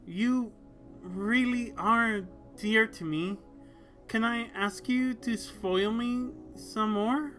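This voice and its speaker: A man voicing a shy, lonely young woman who craves closeness, speaking slowly and softly. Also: high-pitched, faint music behind, pitched above the performer's own voice, exaggerated voice. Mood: pleading. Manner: slow, soft and pleading.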